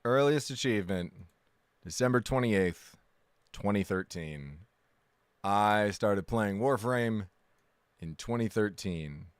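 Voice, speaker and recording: A man's voice: lowish voice, expressive, slow pace, long pauses, clear, resonant tone, no room sound. A man chatting casually on a live stream, rambling, correcting himself often and joking along with his chat. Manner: rambling, self-correcting, jokey.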